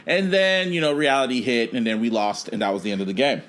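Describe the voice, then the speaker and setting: A man co-hosting a casual podcast, telling a story in an animated, profane way. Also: medium pitch, quick pace. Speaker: podcast co-host. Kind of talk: casual chat.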